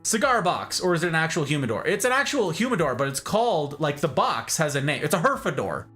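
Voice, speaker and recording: A man's voice: on the high side, a little fast, soft background music. A man streaming a game and chatting playfully with his live chat. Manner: playful, animated, jokey banter with chat.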